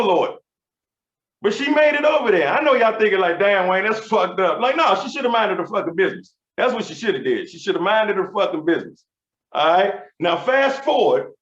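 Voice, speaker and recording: A man in his thirties tells a stand-up story, swaggering and profane. His voice sits high and leaps all over the place. The sound is roomy and a little dull. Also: a bit bright. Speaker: stand-up comedian. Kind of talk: stand-up routine.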